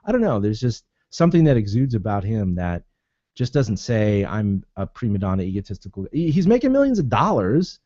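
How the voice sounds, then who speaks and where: A man co-hosting a podcast, chatting in a jokey, animated way and laughing often. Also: medium pitch, moderate pace, no room sound, highs cut off. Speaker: podcast co-host. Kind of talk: casual sports chat.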